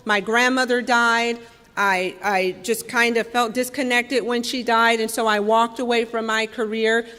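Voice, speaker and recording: A woman's voice: a little high, level tone, a little slow, smooth. Candid woman in an echoing hall. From Los Angeles, California. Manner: candid, wry, raw, with emphatic swells and soft drops. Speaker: speaker sharing a recovery story. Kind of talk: personal recovery talk. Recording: long reverb from a hall.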